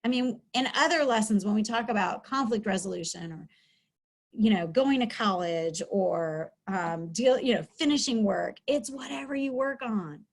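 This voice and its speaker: A woman's voice: mid-range voice, expressive, normal speed. A middle-aged woman, a school counselor, giving an upbeat, chatty webinar lesson from home over a video call, with many fillers. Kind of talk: webinar teaching talk.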